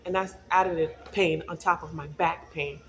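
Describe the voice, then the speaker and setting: A woman's voice: fairly low pitch, steady tone, a little slow, slight background noise. A middle-aged woman talking casually to camera in a wellness vlog, chatty and storytelling, laughing often. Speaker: wellness vlogger.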